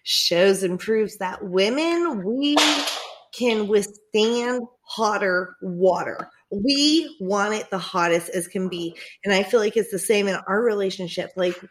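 A young woman telling a story in casual chat, animated, swearing freely and often laughing. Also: mid-range voice, takes it slowly, a little hiss or hum.

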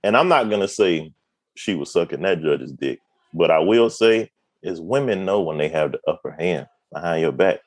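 A man's voice: low-pitched, lively intonation, moderate pace, no room sound. A man co-hosting a podcast in casual chat, joking around and acting out voices. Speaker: podcast co-host.

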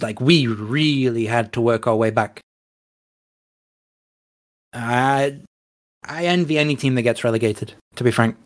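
A man from England, an esports coach, answering interview questions in a frank, reflective, casual way. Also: mid-range voice.

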